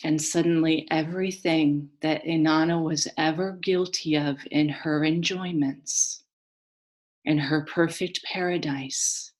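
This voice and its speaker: A woman telling a myth in a slow, solemn, dramatic storytelling manner. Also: low voice, fairly even intonation. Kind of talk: mythic storytelling.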